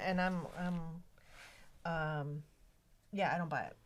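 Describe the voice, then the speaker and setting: A woman hosting a casual book club chat on a podcast, talking in an animated way. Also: lowish voice, measured pace. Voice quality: animated, mimics voices when quoting others. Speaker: podcast host.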